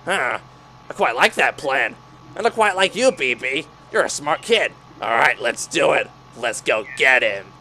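A man's voice: mid-range voice, animated, unhurried, sharp tone, a little hiss or hum, heavily acted. A man voicing a hot-tempered male animatronic pirate fox in a cartoon, hammy and given to shrieks and rants. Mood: scheming.

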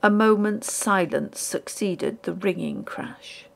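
A woman narrating a ghost story audiobook in a measured, dramatic storytelling manner. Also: mid-range voice, vocal fry.

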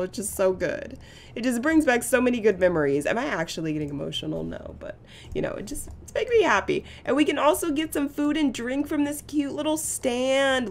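A woman giving casual gameplay commentary as a channel host, chatty and gushing with excitement. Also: mid-range voice, moderate pace. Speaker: gaming YouTuber.

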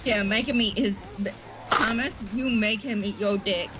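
A woman's voice: a little high, a little slow, very noisy. A woman gaming with friends, teasing them with crude banter. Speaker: gamer. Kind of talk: casual gaming chat.

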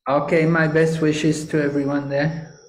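A British man, a spiritual teacher, giving brief, kindly replies in a relaxed question-and-answer session. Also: fairly high pitch, measured pace. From Britain. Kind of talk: relaxed Q&A after a class. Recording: echoey room.

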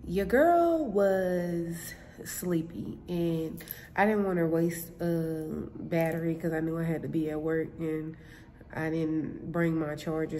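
A woman with a slightly low voice tells a story in a loose, conversational way. She talks straight to her viewers, calls them y'all and laughs often. She is recording indoors at her workplace. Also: darkish tone, slight background noise. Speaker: vlogger and building concierge. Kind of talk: casual storytelling vlog.

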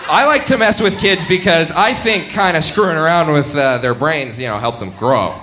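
A man's voice: a little high, expressive, normal speed, pushed and bright, a little hiss or hum. A young man doing a live stand-up set, rambling and self-deprecating, chuckling at his own jokes into a stage mic. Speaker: stand-up comedian. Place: comedy club stage.

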